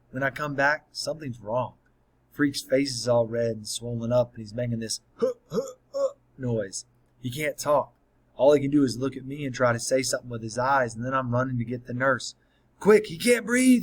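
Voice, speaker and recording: A man's voice: mid-range voice, a bit bright, poor audio. A man narrating an audiobook in the first person, telling the story in a plain, earnest way.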